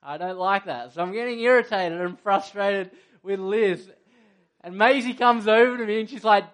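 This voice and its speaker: A man's voice: high-pitched, moderate pace, a bit bright. A middle-aged male pastor preaching a sermon in an earnest, conversational way, often asking his listeners questions.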